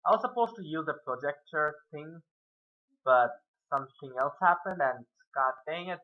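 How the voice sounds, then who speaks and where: A man's voice: fairly high pitch, lively intonation, normal speed, lo-fi sound. A man giving a casual whiteboard math lesson, rambling and muttering self-mocking asides as he works through the steps. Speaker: math tutor.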